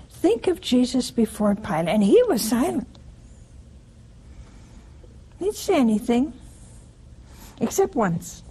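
A woman's voice: a little high, dark tone, breathy edge, poor audio. A woman giving a conversational sermon in a homely way, often asking her listeners rhetorical questions. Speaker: preacher.

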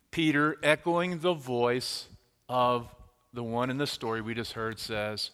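A man preaching a sermon as pastor, telling stories with dramatic swings from loud to hushed. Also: mid-range voice, takes it slowly, long pauses, clear, resonant tone. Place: church sanctuary. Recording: reverberant church hall.

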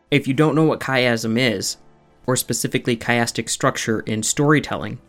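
A man hosting a podcast, explaining things methodically in a scripted teaching style and slowing down to stress key terms. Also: mid-range voice. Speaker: podcast host.

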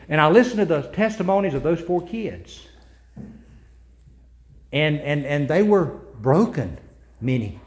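A man preaching a sermon, moving from loud emphatic lines to quiet conversational asides and slow recitation of scripture and hymns. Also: medium pitch. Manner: recites scripture and hymn lyrics slowly. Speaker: pastor.

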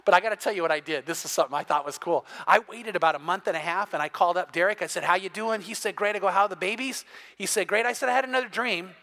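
A middle-aged male pastor preaching a sermon, telling a personal story with animated, acted-out quotes. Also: sits high, very fast.

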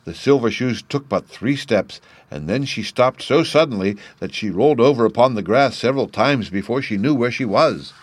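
A man reading a storybook aloud as an audiobook narrator, calm and even. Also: medium pitch, moderate pace, hardly any pauses, no room sound.

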